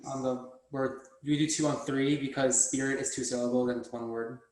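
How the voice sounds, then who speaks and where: A man's voice: medium pitch, little pitch movement, a little fast, a little mellow. A man, a conducting student on a video call, hesitantly explaining his answer to the teacher. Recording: roomy video call audio.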